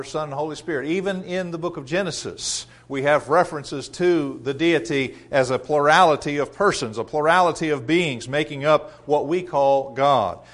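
A man delivering a sermon in a fairly high voice. He reads scripture with rising force and slows for emphasis, then drops his voice low for rhetorical questions to the congregation. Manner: drops to quiet rhetorical asides. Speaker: preacher.

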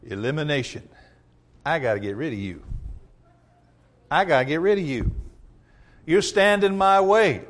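A scheming troublemaker muttering to himself, as a preacher puts him on. The voice drops low and calculating, quiet and brooding. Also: male voice, expressive, unhurried, long pauses. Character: scheming male troublemaker muttering his next move.

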